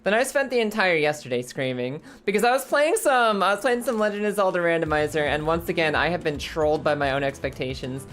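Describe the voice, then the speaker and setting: Hoarse, giggly woman streamer. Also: on the low side, lively intonation, a little fast, hardly any pauses. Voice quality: scratchy throat. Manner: bubbly, laughs often, rambling. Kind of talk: casual stream chat.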